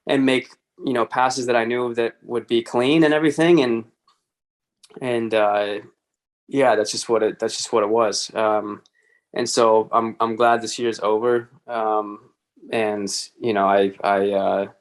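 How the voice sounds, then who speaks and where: A man from Texas, a racer being interviewed, speaking in a hesitant, low-key way full of fillers. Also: little pitch movement, unhurried. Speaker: motorcycle racer, guest. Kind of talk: casual podcast interview.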